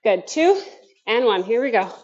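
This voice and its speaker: Breathless upbeat workout coach with a lilt. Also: female voice, fairly high pitch, big pitch swings, normal speed, a little mellow, muffled recording, a little hiss or hum. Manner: upbeat coaching with counting cues and chatty asides. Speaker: fitness instructor. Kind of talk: workout class instruction. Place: home basement.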